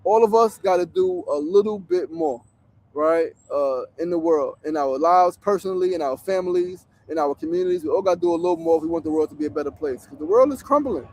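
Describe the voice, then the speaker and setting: A man's voice: fairly high pitch, expressive, brisk, a little mellow, slight background noise. A man, hosting a casual livestream from a tent on a city street, talking bluntly with plenty of profanity. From New York. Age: 40s. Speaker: show host. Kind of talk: outdoor livestream talk. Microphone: phone streaming.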